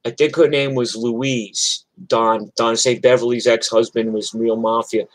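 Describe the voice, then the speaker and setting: A man's voice: mid-range voice, little pitch movement, unhurried, dry recording, rough recording. An older man from New York telling rambling, profane stories in casual chat on a livestream. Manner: rambling, profane, chatty with restarts. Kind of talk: casual storytelling.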